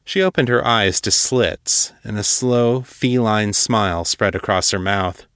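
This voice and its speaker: A man with a fairly low voice narrates fiction at a steady, measured pace. The sound is dry and close, with no room around it. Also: no echo. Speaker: story narrator. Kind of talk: audiobook-style fiction narration.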